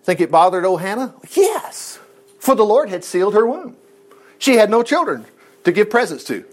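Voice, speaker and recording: A man's voice: high-pitched, sing-song, normal speed. A man retelling a Bible story in a folksy sermon, breaking off for jokey asides and acting out the characters. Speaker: preacher teaching a Bible lesson.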